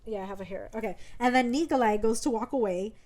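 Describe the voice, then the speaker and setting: Slightly high-pitched woman, loose swearing chat. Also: fast talker, a little mellow. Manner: retells scenes with quoted dialogue, swears freely, laughs often. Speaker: podcast co-host. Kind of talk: casual chat recapping a book.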